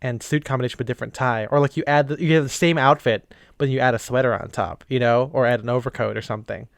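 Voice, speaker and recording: Chatty man with a clear voice. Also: mid-range voice, steady tone, fast talker, no echo, studio quality. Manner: rambling, laughs often, lots of "like". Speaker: podcast co-host. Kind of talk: casual chat.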